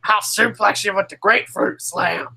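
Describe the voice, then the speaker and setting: A woman co-hosting a podcast in casual chat, excitable with loud exclamations. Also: medium pitch, moderate pace, creaky, breathy edge, rough recording. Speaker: podcast co-host.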